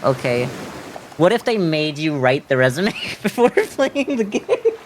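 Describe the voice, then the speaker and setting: A man's voice: a little high, sing-song, unhurried, a little hiss or hum. Giggly, rambling male game streamer. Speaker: streamer playing a video game. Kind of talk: casual game commentary.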